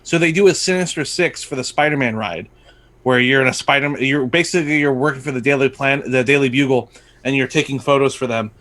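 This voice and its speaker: A man co-hosting a casual live-streamed chat, excitable and rambling, swearing freely. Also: medium pitch. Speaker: podcast co-host.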